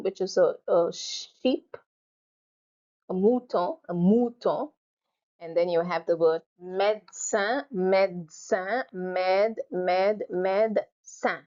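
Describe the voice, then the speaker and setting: In a recorded slide lecture, a woman teaches French, saying each word several times so learners can imitate her pronunciation. Her voice is mid-range with a darkish tone, and the lo-fi recording sounds dull.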